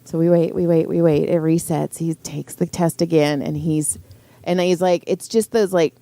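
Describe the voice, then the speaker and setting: A woman's voice: deep voice, steady tone, normal speed, gravelly, warm tone. A middle-aged woman, co-hosting a podcast and telling a story in casual chat, acting out quotes and swearing freely. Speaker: podcast co-host.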